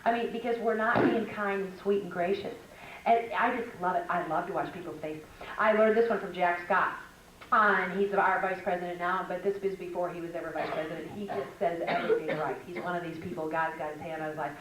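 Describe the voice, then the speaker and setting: A middle-aged woman giving a lively spoken lecture at a Christian women's conference, telling stories and acting out what other people said. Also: on the low side, a little fast. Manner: animated, storytelling, acts out quoted voices. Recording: echoey hall from a distance with background noise.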